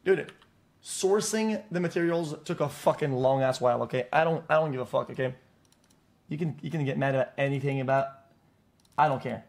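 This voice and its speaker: A man's voice: mid-range voice, a little fast. A man streaming live, ranting at his chat in a blunt, mocking way, swearing freely and restarting his sentences often. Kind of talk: casual rant to chat.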